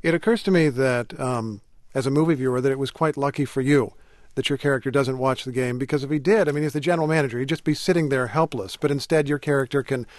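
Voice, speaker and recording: A man's voice: mid-range voice, fairly even intonation, no room sound. Male host asking careful questions, mid voice, dry close sound. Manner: measured, articulate questioning. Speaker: interview host. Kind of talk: radio interview.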